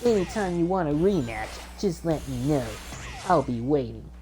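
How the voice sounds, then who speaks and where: A cocky young hedgehog hero from a video game, as a woman does him, tossing off confident lines. His voice sits low and relaxed, with an easygoing swagger. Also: normal speed, a little hiss or hum. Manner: casual, confident banter.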